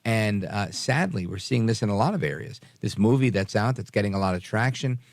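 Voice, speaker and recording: A male talk radio host speaks into a studio mic in a low voice. The sound is close and dry, with no room around it. He answers a caller in an earnest, rambling way, restarting his sentences as he goes. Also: lively intonation, a little fast, vocal fry, no room sound.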